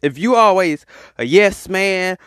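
A man hosting a podcast, ranting in an animated, preachy monologue, repeating his points. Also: high-pitched, measured pace, clear, resonant tone, no room sound, clean studio sound. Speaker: podcast host.

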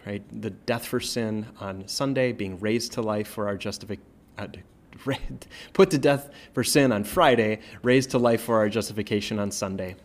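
Man, pastor type, relaxed scripture talk, slightly low voice, keeps asking "right?". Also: slight background noise. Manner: conversational, checks in with "right?", many fillers. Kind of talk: casual Bible teaching.

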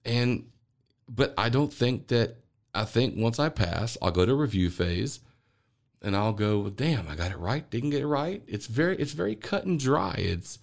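A man's voice: mid-range voice, vocal fry. A man hosting a podcast, talking through spiritual ideas in an earnest, rambling way and often repeating words as he thinks aloud. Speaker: podcast host. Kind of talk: spiritual monologue.

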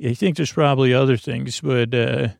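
A man with a gravelly, creaky voice of middling pitch rambles softly through a bedtime monologue. He wanders from tangent to tangent with restarts and asides, in a dry, close sound. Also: steady tone, normal speed, dry recording. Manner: meandering, soft-spoken, full of restarts and asides. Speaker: sleep podcast host.

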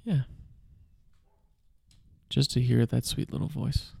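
A man's voice: medium pitch, slow, creaky, a little mellow, breathy edge, dry recording. A man co-hosting a podcast in casual chat, often switching into a playful mock-announcer delivery. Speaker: podcast co-host.

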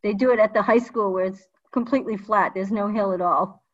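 A woman's voice: medium pitch, fairly quick, lo-fi sound. An older woman, a former running coach, reminiscing in casual conversation and acting out quotes as she tells stories. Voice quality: lively storyteller, acts out quotes with laughs.

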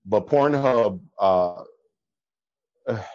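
Low-voiced guy rambling on a podcast, lots of um and uh, laughs a bunch, kinda muffled audio. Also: extremely slow, no echo. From American Midwest. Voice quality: laughs often, trails off with fillers and restarts. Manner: animated storyteller, swings up in pitch when quoting people. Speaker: podcast guest. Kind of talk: casual chat.

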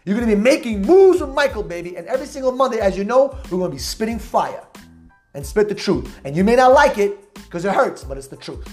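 A man hosting a motivational podcast, talking loudly and emphatically with high energy and casual slang. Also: big pitch swings, brisk, soft background music. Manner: repetitive, hype-driven street slang. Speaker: podcast host.

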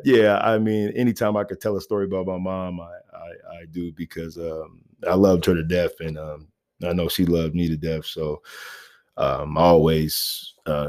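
Lowish-voiced guy telling a story, rambly and laid back, lots of fillers. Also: steady tone, a little slow, a little mellow. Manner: rambling, laid-back, many fillers and "you know what I mean". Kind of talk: casual personal storytelling.

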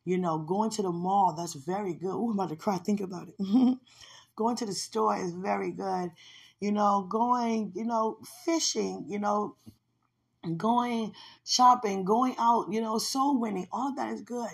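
A woman's voice: medium pitch, unhurried, gravelly, breathy edge. A woman hosting a podcast, talking about her faith in a fervent, emotional way and laughing often. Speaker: podcast host. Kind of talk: devotional personal talk.

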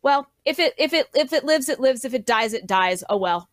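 A woman's voice: high voice, expressive, brisk, dry recording. A woman guest panelist speaking with indignant emphasis in casual podcast talk.

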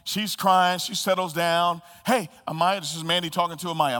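A man preaching a sermon as pastor, swinging between loud bursts and hushed asides. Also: fairly high pitch, moderate pace, hardly any pauses. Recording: reverberant hall.

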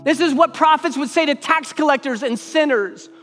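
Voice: high-pitched, normal speed, fairly bright tone. A preacher delivering an emphatic sermon, repeating phrases for weight, in a church sanctuary. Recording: long hall reverb with faint music.

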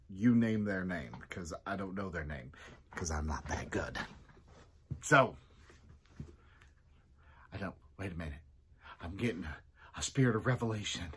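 A man who is a pastor, giving a casual devotional talk in a chatty way and acting out quotes with sudden jumps in his voice. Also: a little hiss or hum. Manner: chatty, acts out quotes with big pitch jumps.

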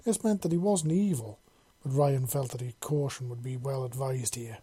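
A man reading a science-fiction fan story aloud, in steady descriptive narration. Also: medium pitch, normal speed, few pauses, slightly rough, no room sound.

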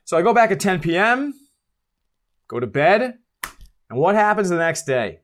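Animated man telling a story. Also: high-pitched, normal speed. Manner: animated, acts out quotes, swears, laughs at himself. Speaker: podcast guest. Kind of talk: casual storytelling.

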